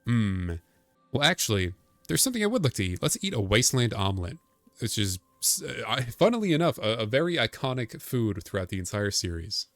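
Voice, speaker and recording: A man's voice: mid-range voice, sing-song, fairly quick, a bit bright, no echo. A man giving casual, joking commentary while playing a video game, rambling and wry. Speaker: let's play streamer.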